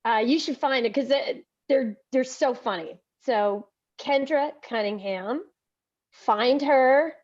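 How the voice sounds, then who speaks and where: A woman's voice: high voice, darkish tone, no echo. A woman with a Southern accent co-hosting a livestream, chatting casually with lots of fillers and restarts. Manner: chatty, halting with many fillers. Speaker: podcast co-host. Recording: dull lo-fi stream audio.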